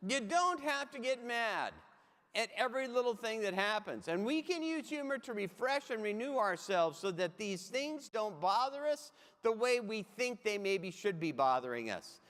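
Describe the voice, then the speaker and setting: A man's voice: sits high, fairly bright tone. A man giving a humorous keynote talk, telling comic anecdotes and speaking straight to his audience. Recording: long hall reverb.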